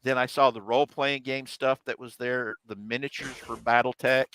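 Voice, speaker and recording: Bright-voiced middle-aged man telling stories. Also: mid-range voice, normal speed, clear, resonant tone, no echo, poor audio. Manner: animated, quotes others' voices. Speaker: host. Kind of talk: casual storytelling chat.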